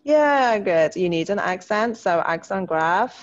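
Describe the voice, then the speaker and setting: Woman, French teacher on a video call, upbeat and encouraging, mid pitch, slightly muffled audio. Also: animated. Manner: upbeat, encouraging, slows down to model French words. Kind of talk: online class, correcting student writing.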